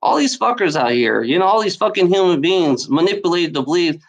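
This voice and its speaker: A woman's voice: fairly low pitch, animated, brisk. Woman ranting, heated and profane. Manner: profane, repetitive, heated, addresses someone directly. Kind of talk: angry ranting monologue.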